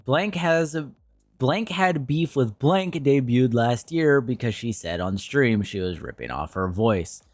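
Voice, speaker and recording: A man's voice: medium pitch, no echo. A young man streaming and commenting casually, ranting in a blunt, profane way.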